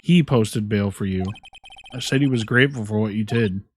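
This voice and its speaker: A man's voice: on the low side, normal speed, faint music behind. A man streaming a game, reading the hero's lines aloud in a dry, matter-of-fact way. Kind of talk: casual game voice-over.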